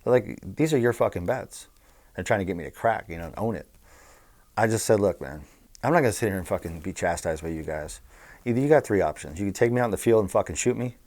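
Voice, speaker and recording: A man's voice: on the low side, fast. A middle-aged man from Southern California telling blunt, profane stories as an interview guest. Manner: blunt, profane, animated storyteller. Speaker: interview guest, former bookmaker. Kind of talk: casual storytelling.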